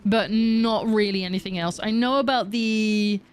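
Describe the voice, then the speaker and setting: A woman's voice: medium pitch, fairly even intonation, moderate pace. A young adult woman livestreamer chatting casually with viewers, rambling and laughing often. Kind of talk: casual chat with stream viewers.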